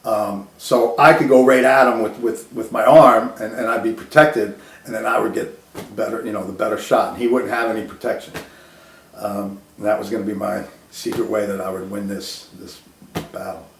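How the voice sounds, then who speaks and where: A man's voice: lowish voice, steady tone, normal speed, vocal fry, roomy sound, slight background noise. A man casually telling a personal story, laughing often and restarting his sentences.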